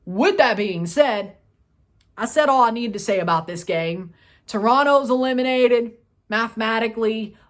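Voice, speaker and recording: Fired-up male soccer fan ranting. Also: normal speed. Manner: repetitive, scolding, swings between loud outbursts and low grumbles. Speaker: soccer fan video host. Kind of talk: post-match review rant.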